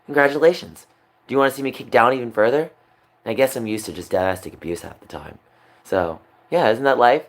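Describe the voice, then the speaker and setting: A man's voice: mid-range voice, fairly quick. A young man on a livestream, talking upset and rambling, repeating himself. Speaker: streamer. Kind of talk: emotional livestream monologue.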